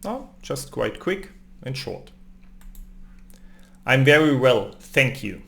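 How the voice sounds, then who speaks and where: A man teaching a language lesson, reading phrases slowly and repeating them, often adding a questioning "no?". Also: medium pitch, sing-song, gravelly, a bit bright. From Germany. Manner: slow, repeated pronunciation drills with tag questions.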